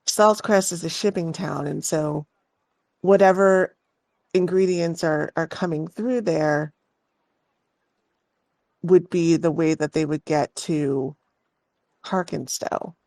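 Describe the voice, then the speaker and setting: Voiced by a woman, a knowledgeable male shopkeeper speaks in a measured, explanatory way, plainly concerned about what he has seen. The sound is dry and close. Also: low-pitched, steady tone, creaky, a little mellow, no room sound, heavily acted. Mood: thoughtful.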